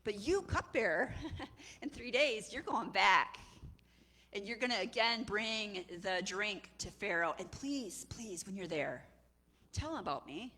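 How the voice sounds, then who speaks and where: A woman's voice: mid-range voice, expressive, measured pace, bright, forceful tone. Joseph, a woman playing an earnest young prisoner. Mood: pleading. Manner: earnest, urgent pleading.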